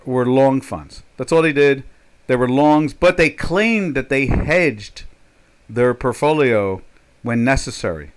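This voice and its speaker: An older man chatting casually as a trader on a live stream, rambling and joking, with many fillers and restarts. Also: mid-range voice. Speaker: trader hosting a live chat.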